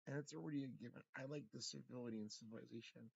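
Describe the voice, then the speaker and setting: A man's voice: medium pitch, racing, creaky, breathy edge, no echo. A man in a rambling, profane livestream monologue, stumbling over his words and repeating himself, recorded in his room at home. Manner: rambling, profane, with many restarts and stammered repeats. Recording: dull lo-fi, dry sound.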